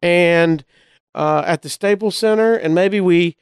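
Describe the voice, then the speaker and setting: A comedian from Alabama with a Southern accent, telling a story casually and acting out the voices of the people in it. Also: male voice, high-pitched, measured pace, clean tone, no room sound, clean studio sound. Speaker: comedian guest.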